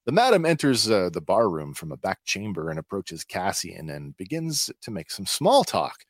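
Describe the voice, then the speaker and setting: Rambling low-voiced podcast host. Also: male voice, big pitch swings, moderate pace, dry recording, clean studio sound. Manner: chatty, many filler words, laughs easily. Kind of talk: casual episode recap.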